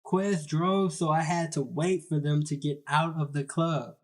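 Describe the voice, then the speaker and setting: A man's voice: on the high side, fairly even intonation, a little slow. A young man narrating a comedy story in a casual, slangy, self-mocking way.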